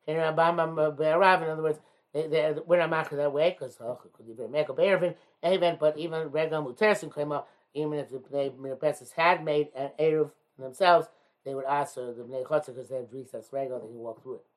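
A man's voice: a little high, fairly even intonation, fairly quick. Hesitant man translating a religious text. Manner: reads Hebrew-Aramaic phrases then explains in English, many hesitations. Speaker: Talmud teacher. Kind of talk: text study lesson, reading and translating.

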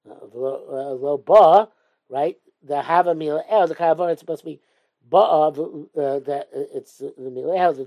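Man with a lilt, mellow voice. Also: high-pitched. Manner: reads Hebrew text then explains in English, halting with fillers. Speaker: Torah teacher. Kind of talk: text study lesson.

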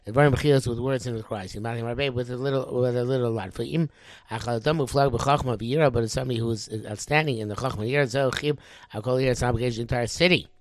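Halting man reading and translating a religious text. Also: medium pitch, fairly even intonation, no room sound. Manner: reads Hebrew phrases then translates them, halting with many fillers. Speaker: Torah teacher.

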